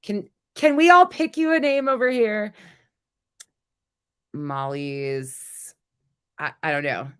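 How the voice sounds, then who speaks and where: A woman hosting a casual commentary stream, blunt and sarcastic, sounding a little sick, with a lower voice than usual. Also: slow, pauses often, fairly bright tone, clean tone. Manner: blunt, sarcastic, laughs at her own jokes. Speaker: commentary host.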